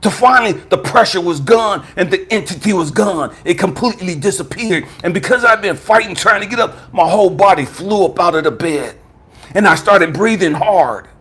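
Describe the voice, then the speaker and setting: A man, a spiritual coach, telling an impassioned testimony, swinging from hushed tones to shouting. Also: high-pitched, expressive, moderate pace, slightly rough.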